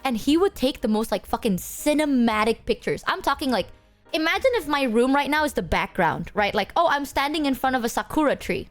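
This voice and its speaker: Woman streamer rambling to chat, swears a lot, voice bouncing all over, bit high, faint music behind. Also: a little fast. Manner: animated, swears freely, filler-heavy. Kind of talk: casual stream chat, storytelling to chat.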